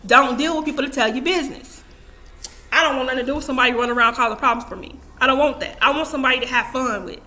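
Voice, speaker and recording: Racing along in a pushed, bright voice that sits high, a young adult woman vlogger gives casual advice to camera. She's emphatic and repetitive, going over her points again and slipping in self-talk asides.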